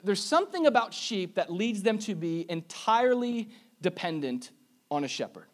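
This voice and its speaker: A man with a fairly high voice preaching a sermon to a congregation. He talks in an animated way, repeats key words for emphasis and slips in jokey asides. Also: moderate pace. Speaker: pastor.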